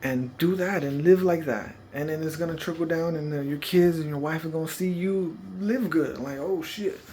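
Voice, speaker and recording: Foul-mouthed laid-back dad rambling. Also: male voice, on the high side, normal speed, background noise. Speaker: parenting vlogger. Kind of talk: casual advice monologue.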